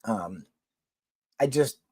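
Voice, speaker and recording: A man's voice: fairly low pitch, expressive, extremely slow, a little mellow, breathy edge, dry recording. A man from New York City with a Philadelphia accent, chatting casually with viewers on a livestream in a blunt, rambling, profane way.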